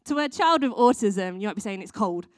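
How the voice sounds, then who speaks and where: A woman who works with children talks a little fast in a high-ish voice with lively intonation, recorded at studio quality with no echo. Her casual training talk for church volunteers is chatty, peppered with ums and restarts.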